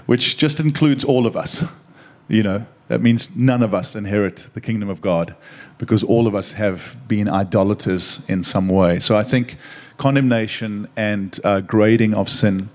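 A man speaking as a pastor on a church panel, answering in a slow, measured way with frequent pauses. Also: lowish voice, darkish tone.

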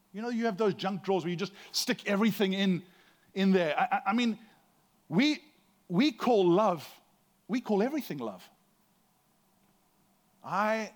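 Middle-aged male pastor, fairly high pitch, conversational and self-deprecating from the pulpit. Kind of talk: sermon.

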